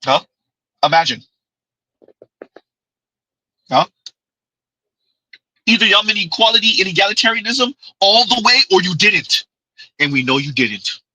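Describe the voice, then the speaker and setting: Male stream host, high-pitched, emphatic and repetitive, dry close sound. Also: lively intonation, unhurried, pauses often, bright, forceful tone, no echo, rough recording. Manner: emphatic, repetitive, refers to himself in third person. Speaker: livestream host. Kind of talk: commentary livestream.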